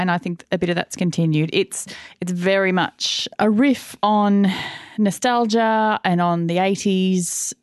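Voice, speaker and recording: A woman's voice: mid-range voice, fairly even intonation, a little slow, no echo. A woman co-hosting a film podcast, chatting casually with dry, wry humor. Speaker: podcast co-host. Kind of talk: casual film review chat.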